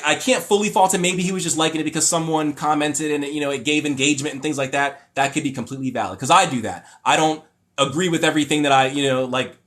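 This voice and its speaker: A man's voice: medium pitch, fairly bright tone. A young adult man hosting a casual livestream, reading viewer comments aloud and reacting to them in a rambling, opinionated way with many fillers and restarts. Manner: mocking voices when paraphrasing others. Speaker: livestream host.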